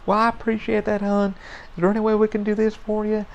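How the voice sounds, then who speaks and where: A man putting on a syrupy, coaxing call-center woman in middle age, her voice lifted noticeably higher than his own speech. She soothes callers with sweetheart and hon while pushing her offer. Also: completely flat delivery, fast talker, creaky, lo-fi sound.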